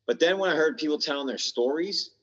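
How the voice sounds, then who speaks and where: A man's voice: fairly high pitch, expressive, fast, fairly bright tone. Blunt, slangy man in a reverberant room. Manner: slangy, blunt, swears freely. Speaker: podcast guest in recovery. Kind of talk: candid personal storytelling. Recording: dull lo-fi sound with long reverb.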